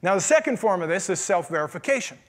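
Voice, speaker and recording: A man's voice: high-pitched, sing-song, quick pace. A man preaching a sermon as pastor, asking the congregation questions in a conversational way. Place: church.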